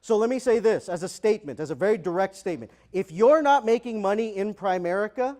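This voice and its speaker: Keynote speaker, male, high voice, energetic and engaging with the crowd. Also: brisk, hardly any pauses. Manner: energetic, asks the audience questions, acts out dialogue. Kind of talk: motivational keynote speech. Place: large conference hall.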